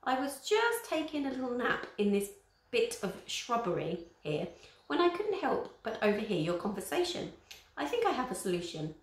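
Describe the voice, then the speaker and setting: A woman's voice: a little high, wildly swooping pitch, moderate pace, roomy sound, voice pushed up, low-quality recording. A woman reading aloud, voicing a pompous, clever male crow who speaks in long, grand words.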